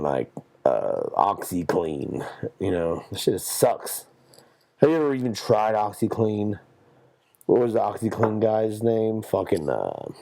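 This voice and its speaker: Low, gravelly and mellow, this young man's voice carries a solo podcast. As host, he rambles and curses through a meandering monologue of jokey storytelling.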